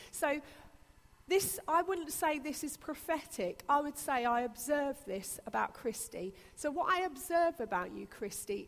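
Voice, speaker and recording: Earnest woman preaching in a hall. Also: on the high side. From Britain. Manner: earnest, repetitive emphatic phrasing. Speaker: pastor. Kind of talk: sermon. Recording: long reverb of a church hall.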